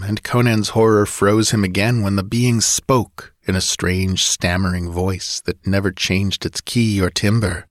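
A man narrating an audiobook in a measured, dramatic way. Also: fairly low pitch, no room sound, studio quality.

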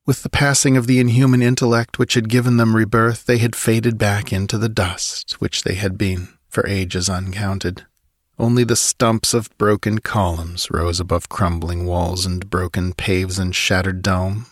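A man narrating a dramatic adventure story in a measured reading voice. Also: lowish voice, no room sound, studio quality. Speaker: audiobook narrator.

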